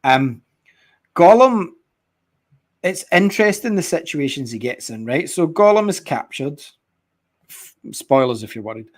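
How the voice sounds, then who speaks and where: A man's voice: fairly high pitch, measured pace, long pauses. A man, co-hosting a casual chat about video games, rambling and swearing as he tells stories. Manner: rambling, profane, animated storytelling. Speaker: podcast co-host.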